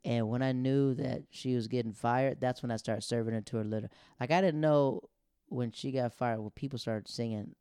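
Gravelly-voiced chatty comedian. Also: male voice, mid-range voice, steady tone, moderate pace, warm tone, dry recording. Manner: chatty, full of "like" fillers. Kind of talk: casual comedic storytelling.

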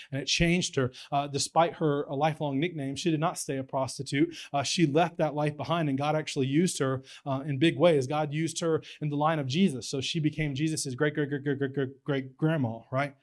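A young man preaching a sermon, telling stories in a folksy way and building to excited emphasis. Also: mid-range voice. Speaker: pastor.

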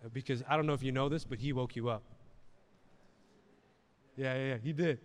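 A man's voice: mid-range voice, fairly even intonation, brisk, long reverb tail. A man preaching a sermon in a conversational way, repeating words and asking the audience questions. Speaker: pastor. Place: church hall.

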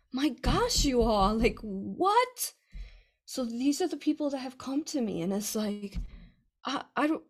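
A woman author chatting casually with her audience in a rambling, effusive way, swinging between excitement and hushed earnestness. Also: medium pitch, husky. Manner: rambling and effusive, many fillers and restarts. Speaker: author answering reader questions. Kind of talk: casual livestream chat.

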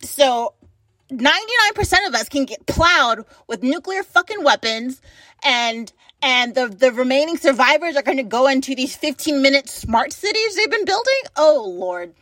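Furious high-voiced woman ranting. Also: sing-song, a bit bright, no echo. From United States. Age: late 20s. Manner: furious, profane, rapid-fire rhetorical questions. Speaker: vlogger. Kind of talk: angry political rant to camera.

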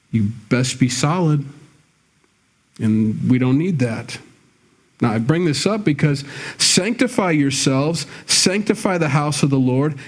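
A male pastor delivers a sermon to his congregation in a conversational preaching style. His voice sits a little high for a man, and he swings into emphatic, scolding bursts. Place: church sanctuary with a congregation.

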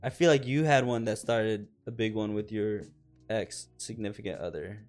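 A man's voice: fairly low pitch, moderate pace, a little mellow, soft background music. A young man co-hosting a casual podcast chat, rambling and joking. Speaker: podcast co-host.

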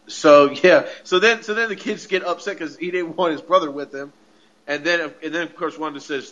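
A man co-hosting a podcast, casually recapping a TV episode in a rambling way, full of "like" and quick laughs. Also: on the high side, expressive, fairly bright tone. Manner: rambling, heavy on filler "like", laughs often. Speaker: podcast co-host. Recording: dull lo-fi audio.

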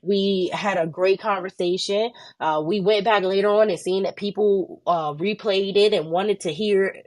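A young woman co-hosting a faith podcast, telling her story in an animated way and jumping into high voices when she quotes people, sounding tired and worn down. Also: normal speed. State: tired and under the weather. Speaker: podcast co-host. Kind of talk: casual faith podcast chat.

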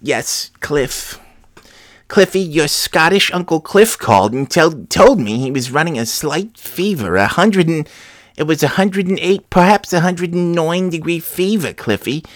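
A fussy, nagging relative, played by a man, scolds in a lively, sing-song voice that sits a little high, repeating the name again and again. The recording is dry and close. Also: unhurried, no echo.

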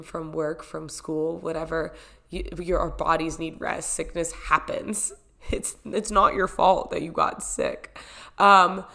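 A young woman with a lowish, gravelly voice talks casually while fighting a cold. She rambles warmly through fillers and little laughs in a loose, chatty vlog style. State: sick with a cold. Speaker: wellness vlogger. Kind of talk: casual chat.

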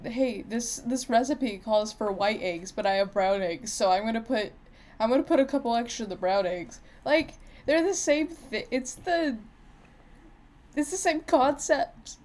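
A woman's voice: on the high side, a little slow, darkish tone. A woman co-hosting a podcast in casual chat, joking, swearing casually and laughing often. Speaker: podcast co-host.

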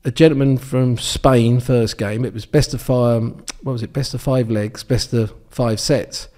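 Man, 60s, English accent, warm dark tone, rambling storyteller, casual interview guest. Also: mid-range voice, steady tone, measured pace. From England. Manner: rambling anecdotes with many ums and restarts. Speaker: guest, former darts champion.

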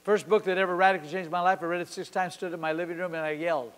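A man in his sixties preaching a sermon at a church service. He tells a story with passion, swinging from sudden loud peaks to quiet drops. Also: high-pitched, rapid-fire, few pauses. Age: 60s. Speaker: pastor. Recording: long hall reverb.

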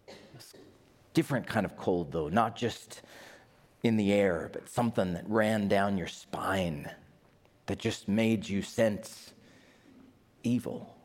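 A man's voice: lowish voice, slow, long pauses, a little mellow, pitched below the performer's own voice. A man voicing a remorseful male disciple in the first person, speaking in a confessional tone as part of a church sermon. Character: remorseful male disciple recalling his denial.

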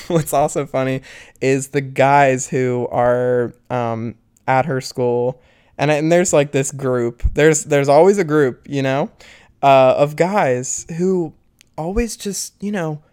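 A man's voice: medium pitch, slow pace, a little mellow, smooth, no room sound, studio quality. A young man talking casually to his viewers, candid and rambling, laughing often and swearing as he vents. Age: young adult. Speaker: vlogger. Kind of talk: casual talk to camera.

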